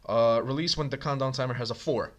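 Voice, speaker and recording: A man reading a bomb manual aloud in a casual co-op game, hurried and muttering. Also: mid-range voice. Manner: hurried, mutters while searching, bursts into laughter. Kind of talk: casual gaming chat.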